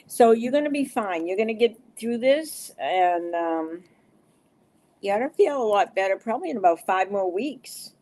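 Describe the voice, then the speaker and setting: A woman's voice: mid-range voice, expressive, normal speed, a little mellow. A middle-aged woman giving live card readings to viewers, soothing and reassuring, with many fillers. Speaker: card reader.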